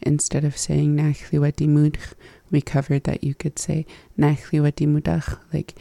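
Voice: medium pitch, monotone, moderate pace, creaky, dark tone, no room sound. A learner reviewing phrases from a language lesson, hesitant and laughing at their own slips.

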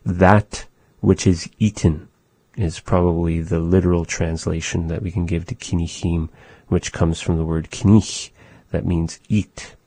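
A man giving a casual language lesson, explaining thoughtfully and softly repeating phrases. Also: low voice, little pitch movement, measured pace, slightly rough, no echo. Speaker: language teacher.

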